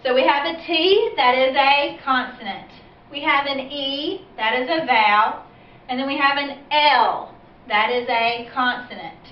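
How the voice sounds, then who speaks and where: A woman's voice: sits high, unhurried. Patient woman teacher in a roomy room. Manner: clear, patient, step-by-step explaining. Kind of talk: instructional video for parents. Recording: roomy, distant, dull-sounding classroom recording.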